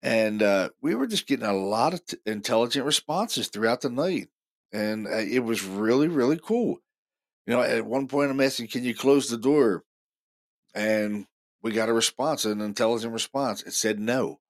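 A man hosting a paranormal show, telling stories casually in an excited, rambling way full of fillers and restarts. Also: mid-range voice, moderate pace. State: deaf in left ear. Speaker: paranormal podcast host. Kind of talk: casual storytelling monologue.

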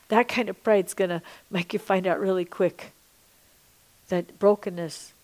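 A middle-aged woman teaching a sermon-style podcast, impassioned, dropping to hushed whispers and rising to loud emphasis. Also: medium pitch, steady tone, measured pace. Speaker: Christian teacher and minister.

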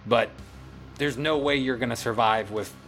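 A man's voice: medium pitch, normal speed, a bit bright, faint music behind, lightly acted. A man voicing a protective alien leader who talks firmly and gives commands.

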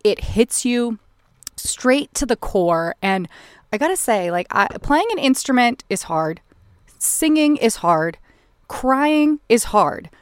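A woman's voice: fairly high pitch, sing-song, slow pace, no room sound, studio quality. A woman co-hosting a podcast, talking casually about a film in an effusive, emotional way. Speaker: podcast co-host.

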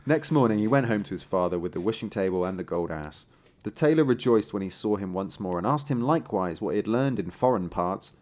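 A man's voice: fairly low pitch, a little fast. A man reading a fairy tale aloud on a podcast, with chatty asides. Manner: animated, laughing, chatty asides. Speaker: podcast host and reader.

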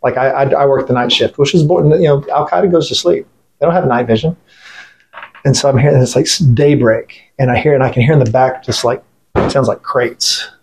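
A middle-aged man speaking at an everyday pitch, telling a story in a casual interview. He talks bluntly and swears freely, and he often breaks off and restarts his sentences. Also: a little fast, a little mellow, slight background noise. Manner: blunt, profane, rambling with restarts. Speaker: veteran guest.

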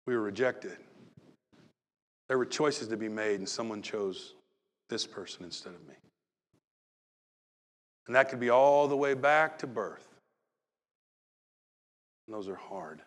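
A pastor preaching a sermon, moving from loud acted-out calls to soft, hushed talk. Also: male voice, lowish voice, unhurried, long pauses, in a large hall.

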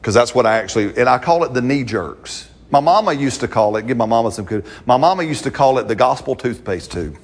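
A man's voice: medium pitch, expressive, fast, few pauses. A man preaching a sermon in a conversational, playful way, acting out quotes and laughing along with the congregation.

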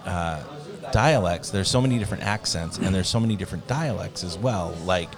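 Deep-voiced man in casual chat. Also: a little fast, a crowd in the background. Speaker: podcast co-host.

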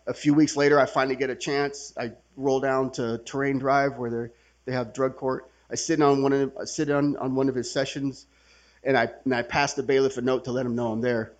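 A man sharing his recovery story at a workshop in a casual, conversational way, swearing and laughing as he acts out the people in it. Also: medium pitch. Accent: Californian. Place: workshop gathering room.

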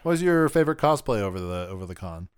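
A man co-hosting a podcast in casual chat, playful and quick with jokes, backing his partner with steady agreement. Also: on the low side, smooth. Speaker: podcast co-host.

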